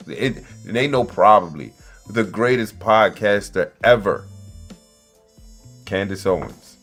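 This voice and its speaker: Loud, slangy man riffing on camera. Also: lowish voice, unhurried, pauses often, soft background music. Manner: loud, excitable, slangy, jokey asides to viewers. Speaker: commentary podcaster. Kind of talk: casual commentary, reading articles aloud.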